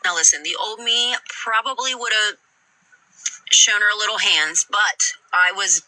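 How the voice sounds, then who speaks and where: Upset, blunt woman with a bright voice. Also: medium pitch, measured pace, no room sound, low-quality recording. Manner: blunt, heavy swearing, upset. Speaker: guest telling her story. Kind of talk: emotional personal account on a live stream.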